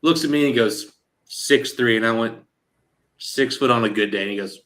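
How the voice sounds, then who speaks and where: A man hosting a casual chat show, telling an anecdote and quoting others in lively back-and-forth with lots of "like" and "he goes". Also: medium pitch, moderate pace. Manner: animated storyteller quoting others in dialogue; frequent fillers like "like" and "he goes". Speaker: show host.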